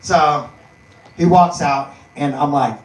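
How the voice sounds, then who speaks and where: A man's voice: a little high, takes it slowly. A man from East Texas, a comedian guest, telling a profane, rambling story and laughing through his punchlines. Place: live comedy venue. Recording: echoey room, mic at a distance, faint noise.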